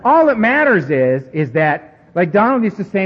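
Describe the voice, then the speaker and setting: A man speaking to a recovery meeting, telling stories in an animated, self-mocking way and acting out the dialogue. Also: sits high, moderate pace, husky. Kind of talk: storytelling talk to an audience. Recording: dull recording with long hall reverb.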